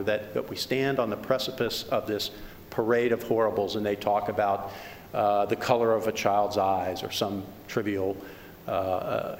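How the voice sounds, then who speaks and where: A male attorney making an emphatic oral argument in court, hammering rhetorical questions and tripping over restarts. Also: on the low side. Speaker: attorney for the plaintiffs. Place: large courtroom. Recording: reverberant courtroom recording with faint noise.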